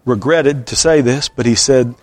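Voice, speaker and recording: A man preaching a sermon, telling a story in an earnest voice that sometimes sinks to a soft hush. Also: mid-range voice, moderate pace. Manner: earnest, drops to a soft hushed voice at times.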